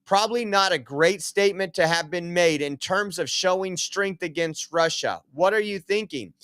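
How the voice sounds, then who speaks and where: High-voiced man with sarcastic commentary. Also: normal speed, a bit bright. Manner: reads quotes aloud with mocking laughs. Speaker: political commentary host. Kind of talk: opinionated political commentary.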